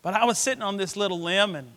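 A middle-aged man, preaching a sermon through a personal story, swinging from hushed to loud. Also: high voice, fast talker, big-room sound.

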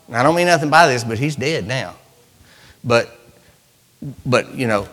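A man preaching a sermon in a church, swinging from loud cries to hushed, near-whispered lines. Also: a little high, sing-song, a little fast, in a large hall. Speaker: pastor.

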